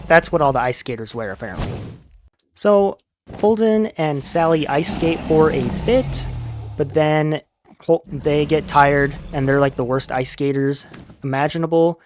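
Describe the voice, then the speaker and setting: Casual: young guy gaming and chatting about a book, talks to the game a lot, some faint noise behind. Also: fairly high pitch. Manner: chatty, mutters at the game mid-story. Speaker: let's play host.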